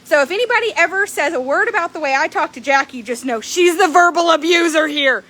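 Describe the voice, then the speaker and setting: Woman horse trader, high voice, brash and profane, phone recording outdoors with faint noise behind. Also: fast. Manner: blunt, swearing, lively storytelling. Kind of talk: casual vlog chat.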